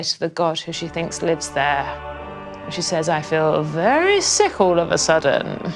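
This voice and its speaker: A woman telling a comic history story in a rambling, cheeky, casual way. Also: medium pitch.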